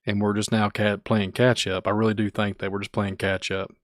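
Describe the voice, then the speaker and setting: Reading through the chat on his livestream podcast, a host from Kentucky talks casually in his Kentucky accent, rambling and saying things more than once. He has a lowish, level voice and a brisk delivery, recorded dry with studio quality.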